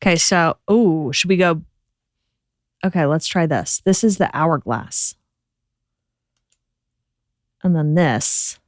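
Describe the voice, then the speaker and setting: A woman's voice: deep voice, takes it slowly, long pauses, dry recording, studio quality. Chatty woman podcast co-host. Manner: chatty, talks through beauty products. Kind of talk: casual chat.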